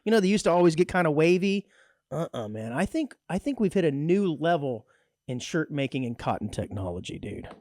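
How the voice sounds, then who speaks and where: Man, radio co-host, casual chat, teasing, deadpan, animated pitch, dry studio sound. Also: no room sound. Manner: wry, teasing banter with a dry deadpan streak. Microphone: studio microphone.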